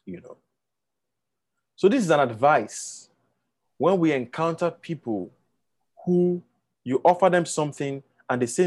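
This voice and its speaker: A man's voice: mid-range voice, darkish tone. A man giving a motivational talk to an audience, often checking that listeners follow and acting out quotes in a raised voice. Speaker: speaker addressing an audience.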